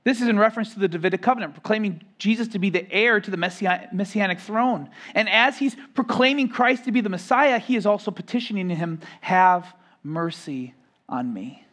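Man, pastor, sermon, high-pitched voice, emphatic swells and soft drops, repeats words. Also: quick pace, hardly any pauses. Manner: emphatic preaching, rising and louder on key phrases, then dropping soft; repeats and restarts words while building a point.

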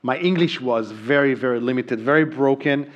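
A middle-aged Israeli pastor, a native Hebrew speaker with an Israeli accent, preaches earnestly in a medium-pitched voice at normal speed. The audio sounds dull, and he often says um and restarts his sentences.

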